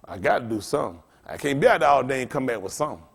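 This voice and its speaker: A man's voice: medium pitch, lively intonation, rapid-fire, creaky. A man preaching to his congregation in a blunt, profane, rambling style, trading call-and-response with the room. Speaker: pastor.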